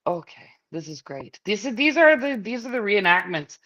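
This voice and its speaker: A woman's voice: mid-range voice, very animated, normal speed, a bit bright, muffled recording. A middle-aged woman hosting a podcast, chatting casually, blunt and swearing with frequent laughs. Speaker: podcast host. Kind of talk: casual chat.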